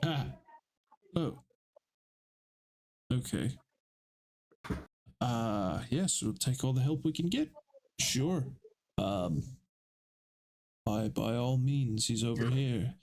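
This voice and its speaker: Male game master, slow unhurried narration, lots of "like" and pauses. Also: mid-range voice, animated, vocal fry, darkish tone. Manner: halting, full of fillers.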